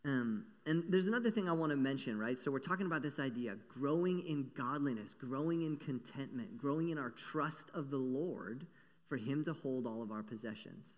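A man preaching a sermon, playful and animated, acting out little voices as he talks. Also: medium pitch, moderate pace. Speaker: pastor. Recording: long echo of a large hall.

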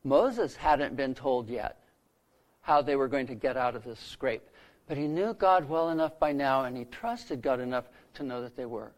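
This is a man delivering sermon storytelling at a moderate pace. When quoting scripture he lifts his voice, and he lets it fall quiet and low whenever he wants a point to land.

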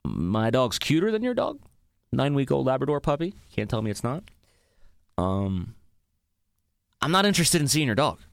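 A man's voice: medium pitch, sing-song, moderate pace, vocal fry, long pauses, dry recording, clean studio sound. A young man hosting a podcast, talking casually in a profane, mock-ranting comedic monologue. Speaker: podcast host.

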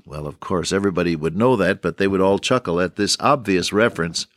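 Older male radio pastor, low voice, folksy sermon delivery, dry studio sound. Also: a little fast, dry recording. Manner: folksy, warm pastoral address with scripture quotes. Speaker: radio preacher.

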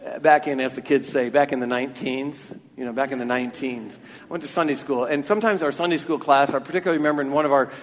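A man's voice: mid-range voice, fairly even intonation, fast, a little hiss or hum. A man preaching a sermon from a church, earnest and talking freely, often repeating words as he restarts a thought. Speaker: pastor. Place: church sanctuary. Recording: long church reverb.

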